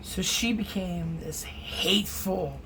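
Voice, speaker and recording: A woman's voice: lowish voice, slow, vocal fry, fairly bright tone, slight background noise, low-quality recording. A middle-aged woman, an acrylic pour artist, chatting casually and rambling while she paints in her home studio. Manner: chatty, rambling, self-teasing.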